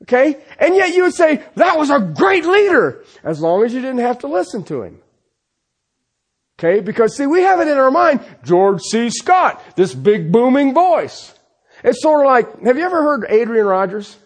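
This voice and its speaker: A man preaching a sermon who keeps asking rhetorical questions and checking in with the congregation with "okay?", telling stories with animation. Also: very high voice. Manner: peppers his points with rhetorical questions and "okay?".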